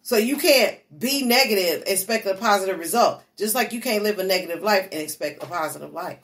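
A woman's voice: mid-range voice, expressive, brisk, a bit bright. A woman in a casual chat who talks in a preachy, advice-giving way as co-host.

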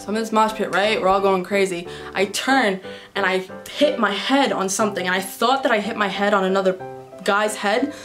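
A woman vlogger from New York answering viewer questions in a candid, chatty way, telling stories with plenty of swearing. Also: mid-range voice. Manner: chatty, candid and profane storyteller. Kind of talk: casual Q&A vlog. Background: background music.

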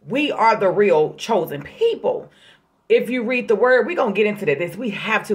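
A woman giving a casual, emphatic sermon to her online viewers, calling them family in a folksy way. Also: mid-range voice. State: out of breath. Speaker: online preacher. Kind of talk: casual prophetic sermon vlog.

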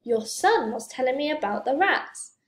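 A woman's voice: sits high, expressive, moderate pace. A woman reading the lines of a stuffy grown man in a storybook, huffy and disdainful. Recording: roomy echo.

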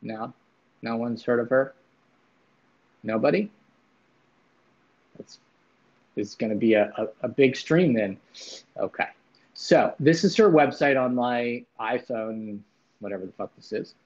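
A man's voice: medium pitch, a little slow, long pauses, a little mellow, lo-fi sound. A man hosting a casual livestream, chatting loosely with viewers, swearing now and then and greeting chatters by name. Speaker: livestream host.

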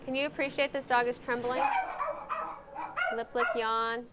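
A woman giving a conference lecture on animal behavior, lively and engaging, often checking in with her audience with questions. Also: a little high, a little slow, very noisy. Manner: lively, asks the audience questions, frequent "right?".

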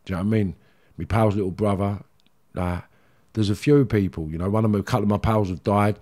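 Talking fast in a warm, lowish voice with fairly even intonation, this middle-aged Cockney Londoner guests on a podcast. He candidly rambles through streetwise tales from his past, peppering them with "do you know what I mean".

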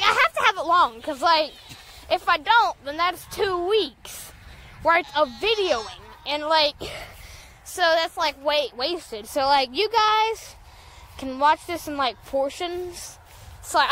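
A young woman vlogs outdoors on a farm in a high, bouncy voice that leaps up and down as she rambles, giggling and filling her talk with "like". The recording is noisy, with goats and sheep bleating behind her. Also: pushed and bright. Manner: rambling, giggly, lots of "like" fillers. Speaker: farm vlogger. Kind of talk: casual vlog.

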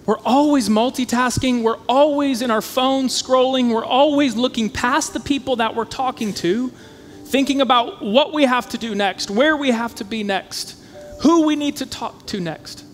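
A man preaching a sermon as a pastor, conversational and animated, acting out the voices of his listeners. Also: extremely high pitch, moderate pace. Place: church auditorium. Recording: church hall reverb with faint music.

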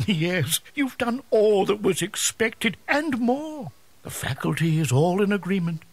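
A man's voice: sits high, very animated, a little slow, heavily acted. An actor voicing a kindly old male wizard headmaster in a video game, speaking in a stately, fond way and chuckling between lines. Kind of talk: video game character dialogue.

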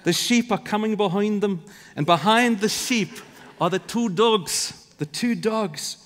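A man voicing a simple old Scottish shepherd with a put-on Scottish accent, speaking in a homely, drawn-out way. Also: high voice, a bit bright, voice pushed up. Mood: fond. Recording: long reverb of a church hall.

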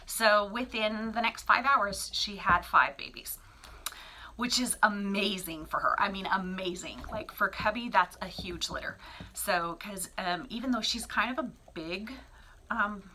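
A woman's voice: mid-range voice, a little hiss or hum. A middle-aged woman who breeds cats, talking casually in her small bathroom, chatty and rambling with lots of fillers. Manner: drops to a soft whisper near the kittens. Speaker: cat breeder. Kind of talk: casual vlog talk.

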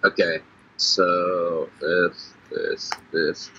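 A low-voiced man with a husky, tense edge, trading crude, sarcastic jabs during casual game chat. He swears freely and teases his partner. The sound is a dull, lo-fi mic recording. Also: flat delivery, extremely slow, sharp tone. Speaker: guest player.

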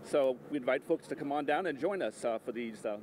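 A man working as a park ranger, calmly explaining guided walks outdoors. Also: medium pitch, a little fast, a little hiss or hum. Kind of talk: live TV interview.

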